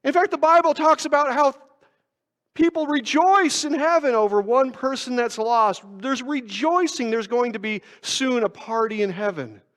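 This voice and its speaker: At a moderate pace, a pastor with a very high, slightly bright voice talks his congregation through a sermon. He mocks himself and asks rhetorical questions, and the church sanctuary gives a long reverb.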